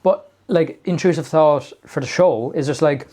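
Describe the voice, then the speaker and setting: A man's voice: a little high, normal speed, warm tone. A man in his thirties co-hosting a comedy podcast, rambling with lots of fillers and self-mocking jokes. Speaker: podcast co-host. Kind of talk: casual comedic banter.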